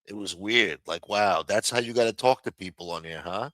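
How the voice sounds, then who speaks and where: Male streamer, profane heated rant, sharp tone, dry close mic. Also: on the low side, moderate pace, no echo. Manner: heated, swears constantly, mocks others in raised voices. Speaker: livestream commentator.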